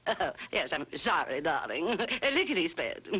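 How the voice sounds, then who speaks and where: A woman's voice: on the high side, very animated, a little slow, pushed and bright, full character voice. A woman playing a vain, theatrical stage actress who calls everyone darling, in an old comedy radio play. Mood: grandiose.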